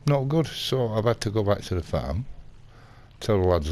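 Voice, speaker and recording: This gaming vlogger's darkish, lowish voice is very animated as he moves at a moderate pace through a casual gameplay story in character. He rambles indignantly and performs the quotes.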